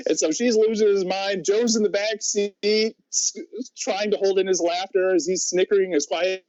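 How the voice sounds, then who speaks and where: A man's voice: high-pitched, steady tone, normal speed, a little mellow, no room sound. A man guesting on a podcast, telling a long story in a rambling way, laughing often and restarting his sentences. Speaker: guest, pro wrestler. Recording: slightly muffled audio.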